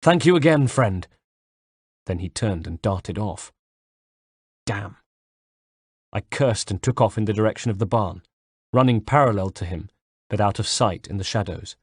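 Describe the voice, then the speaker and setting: Low-voiced man narrating an audiobook. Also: normal speed, pauses often, husky, no room sound, clean studio sound. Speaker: audiobook reader. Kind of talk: first-person audiobook narration.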